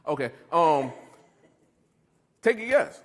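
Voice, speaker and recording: A middle-aged man with a fairly high voice takes his time as he gives a motivational recovery talk to a live audience, telling lively stories, laughing and quizzing those listening.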